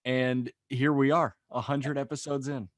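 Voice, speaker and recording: A man's voice: mid-range voice, level tone, measured pace, no echo. Wry young man on a dry mic. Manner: wry, teasing, dry jokes. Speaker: podcast co-host. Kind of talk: casual podcast chat.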